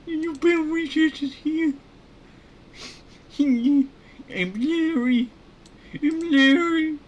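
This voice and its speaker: A man putting on the voice of a wild, excitable male scientist, shrill and manic, with halting repeats. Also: dull audio. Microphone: headset.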